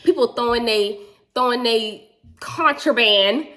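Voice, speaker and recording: A woman telling a story in a casual chat, animated and slangy. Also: on the high side, measured pace.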